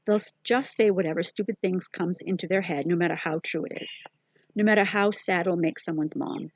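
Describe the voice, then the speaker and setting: A woman reading an audiobook in measured, reflective first-person narration. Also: fairly low pitch, dry recording.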